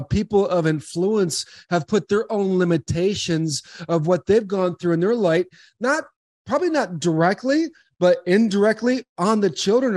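A man in his forties from Southern California, a podcast guest telling earnest, animated stories with frequent restarts. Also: high voice, dry recording, studio quality. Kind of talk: casual interview storytelling.

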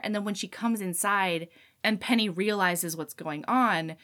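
A woman hosting a casual chat, retelling a story with lively asides and quick character voices. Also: medium pitch. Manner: animated storyteller acting out characters' lines. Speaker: podcast host recapping a book.

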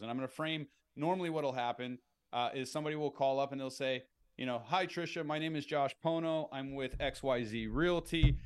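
A middle-aged man as a podcast guest, explaining sales tactics in an animated way and acting out phone calls in upbeat voices. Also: medium pitch, smooth. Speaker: real estate entrepreneur guest.

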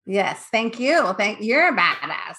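A woman's voice: medium pitch, sing-song, measured pace, pushed and bright. A woman in her forties, a podcast guest, giving frank business and life advice in a casual chat.

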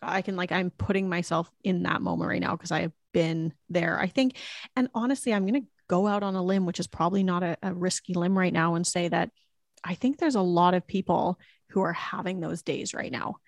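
A woman's voice: lowish voice, brisk, no room sound. A woman talking earnestly and emotionally about motherhood in a heartfelt podcast conversation, reflective and prone to restarts. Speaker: mother sharing her story.

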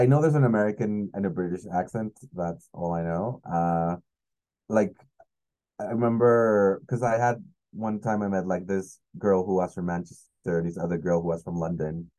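A man, a spanish speaker, chats as a guest comedian in a low, warm voice. he talks in a relaxed way, full of fillers and easy laughs. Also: normal speed, poor audio. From Mexico City. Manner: laid-back, laughing, filler-heavy. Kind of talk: casual interview chat.

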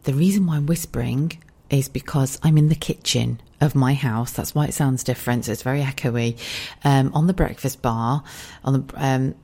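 A woman in her forties hosting a podcast, chatting frankly and swearing freely while keeping her voice hushed in her kitchen at home. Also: rumbling low, moderate pace, breathy edge. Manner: hushed, speaking softly so as not to wake a child. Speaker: podcast host. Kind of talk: casual chat.

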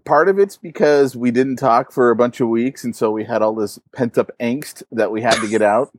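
A man's voice: mid-range voice, normal speed, no echo. A man co-hosting a podcast from his backyard, laid-back and playful, telling casual stories. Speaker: podcast co-host.

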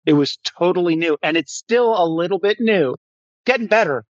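A man's voice: high-pitched, animated, moderate pace, dry recording, lo-fi sound. A man, a fitness guest on a podcast, chatting emphatically and telling stories with energy. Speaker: guest, fitness system founder. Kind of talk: casual podcast chat, storytelling.

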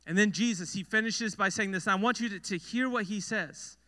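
A man's voice: sits high, fairly quick, sharp tone. A young man preaching a sermon to students as a youth pastor, telling a story earnestly and repeating phrases for emphasis. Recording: long hall reverb.

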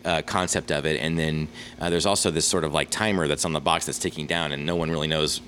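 A man's voice: extremely low pitch, steady tone, fast, a bit bright, a little hiss or hum. A man talking as a guest in a casual interview, rambling with many restarts and fillers. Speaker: guest filmmaker.

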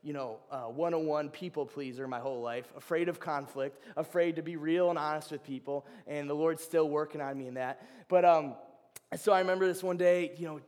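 A young man giving an informal sermon to a ministry gathering, telling personal stories in a chatty, animated way. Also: fairly high pitch, brisk. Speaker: ministry speaker. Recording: long hall reverb.

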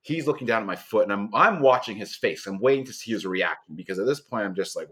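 A man with a low voice tells a story casually as a podcast guest. His pitch swings widely, and it leaps up when he gets to the alarming moments. He laughs his way through the telling. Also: animated, fast, few pauses, a bit bright, husky.

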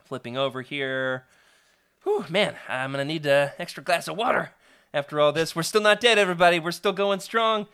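A man's voice: fairly high pitch, a little fast, a bit bright, smooth. A man hosting a live stream, chatting upbeat with viewers and reading a storybook aloud with frequent laughs. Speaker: host.

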